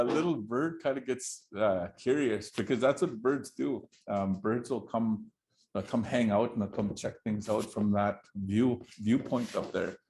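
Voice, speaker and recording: A male storyteller tells a traditional tale to an audience in a loose, chatty way, laughing often and checking in with "right?" and "you know?". His voice is mid-range and a little mellow. There's a bit of hiss or hum in the recording.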